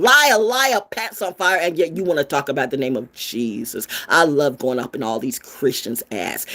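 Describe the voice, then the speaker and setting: A woman's voice: deep voice, breathy edge. A woman delivering a fiery, profane, sermon-style rant, preachy and full of rhetorical questions. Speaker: spiritual vlogger. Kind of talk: ranting sermon-style monologue.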